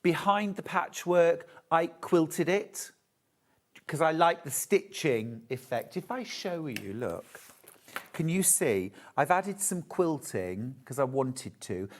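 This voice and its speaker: A man's voice: mid-range voice, expressive, a little slow. Chatty man selling fabric live. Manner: enthusiastic, chatty, gushing over fabrics. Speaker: shopping channel presenter. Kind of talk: live TV product demonstration. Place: TV shopping studio.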